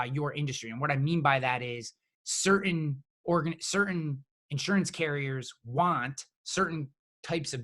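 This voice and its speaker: A middle-aged man, an insurance agent, explaining things in a casual, halting way with many restarts. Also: mid-range voice, sharp tone.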